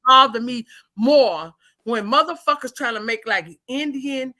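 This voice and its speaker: Woman, livestream host, high voice, profane angry rant, bursts of shouting. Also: measured pace. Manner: heated, cursing, breaks into shouting. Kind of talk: profane angry ranting chat.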